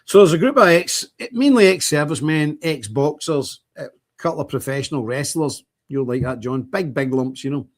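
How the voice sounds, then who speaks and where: A man hosting a livestream, talking in a blunt, emphatic, repetitive way. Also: fairly high pitch. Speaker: streamer host. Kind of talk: casual livestream monologue.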